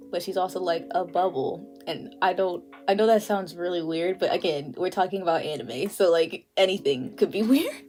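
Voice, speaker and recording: A woman's voice: fairly low pitch, darkish tone. A young woman hosting an art livestream, chatting casually while she draws, full of fillers and frequent laughter. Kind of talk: casual chat while drawing. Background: faint music.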